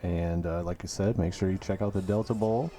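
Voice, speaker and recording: Deep mellow-voiced podcast co-host man. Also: steady tone, fairly quick, slight background noise. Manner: laid-back, giving sponsor shout-outs. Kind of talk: casual chat.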